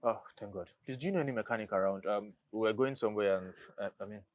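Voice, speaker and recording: A man's voice: on the low side, fast talker, dry recording, dull audio, close to an everyday voice. A man with a Nigerian accent playing a stressed brother in a Nollywood drama, pleading and exasperated by turns, recorded dry. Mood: polite. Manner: pleading, then exasperated and raised. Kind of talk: Nollywood film acting.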